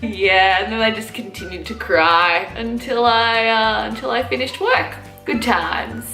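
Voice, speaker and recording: A woman's voice: on the high side, steady tone, a little slow, pushed and bright. A young woman vlogger telling a story in a chatty, casual way, full of fillers and laughing at herself. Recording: echoey room with faint music.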